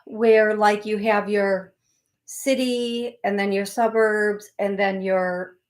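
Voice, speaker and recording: A woman's voice: mid-range voice, level tone, slow. A woman psychic medium hosting a live call-in show, talking to callers and chat viewers in a rambling, folksy, reassuring way that often corrects itself mid-sentence. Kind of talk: live call-in reading, chatty address to viewers.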